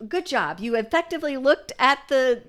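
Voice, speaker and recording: A woman co-hosting a podcast, chatting casually and telling a lively anecdote, acting out the voices of the people in it. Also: high voice, moderate pace. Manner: animated storyteller acting out quoted voices. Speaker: podcast co-host. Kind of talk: casual chat, storytelling.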